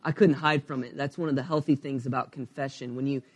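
A man's voice: mid-range voice, steady tone, quick pace, breathy edge. A man in his thirties preaching a sermon, telling a personal story candidly, with many fillers and asides. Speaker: pastor.

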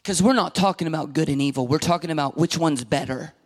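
A middle-aged man preaching a sermon as pastor, emphatic and animated, acting out quoted voices and dropping at times to a whisper. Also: fairly high pitch, fast talker.

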